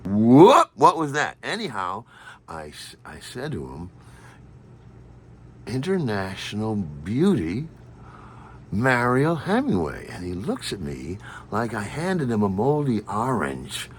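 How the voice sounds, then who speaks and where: Animated wry male storyteller. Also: lowish voice, unhurried, a little hiss or hum. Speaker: storyteller host. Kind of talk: humorous personal storytelling.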